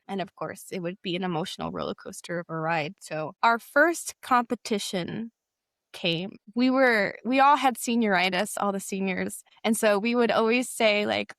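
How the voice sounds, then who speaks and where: A woman's voice: mid-range voice, moderate pace, gravelly, fairly bright tone, no echo. Young woman telling her story, dry. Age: young adult. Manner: hesitant, with frequent fillers and self-corrections. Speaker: guest sharing a personal story. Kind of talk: candid personal storytelling.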